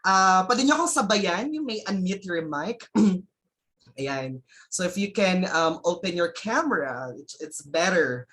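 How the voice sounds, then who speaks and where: A woman's voice: on the low side, animated, a little slow, a bit bright, rough recording. A woman with a Filipino accent giving an online teaching demonstration over a video call. She switches between English and Tagalog and coaxes her listeners to join in. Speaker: teacher presenting at a webinar.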